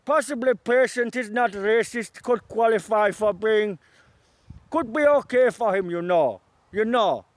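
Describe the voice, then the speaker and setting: A man putting on a mock doctor who talks in halting, formal, broken phrases. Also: high-pitched, dry recording. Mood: clinical. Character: mock male doctor, clinical and pompous.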